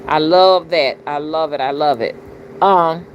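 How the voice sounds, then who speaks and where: A woman's voice: sits low, measured pace, lo-fi sound. A middle-aged woman talks bluntly and profanely in a casual livestream, preaching her views and often asking "you understand?". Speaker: spiritual reader and channel host. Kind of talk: casual livestream talk, greeting chat. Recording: noticeable background noise.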